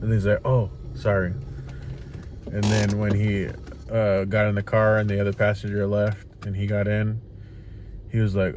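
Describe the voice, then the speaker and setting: A young man telling stories in a casual vlog, animated and swearing freely, tired after his workday. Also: fairly low pitch, normal speed, a little hiss or hum. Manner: animated retelling, swears freely, acts out quotes. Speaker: rideshare driver and vlogger. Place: inside a parked car.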